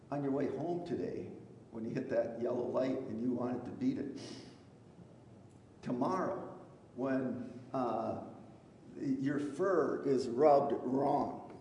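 A man preaching a sermon in a church, talking in a halting, conversational way full of fillers and restarts, with gentle humor. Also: mid-range voice, slight background noise. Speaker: pastor. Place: church sanctuary. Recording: echoey hall, distant mic.

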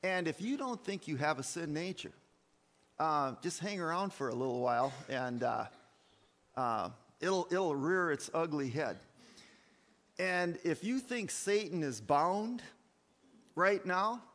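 A man's voice: a little high, lively intonation, measured pace, fairly bright tone. A male pastor preaching a sermon, emphatic, with rhetorical questions and repeated words, in a church. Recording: long hall reverb.

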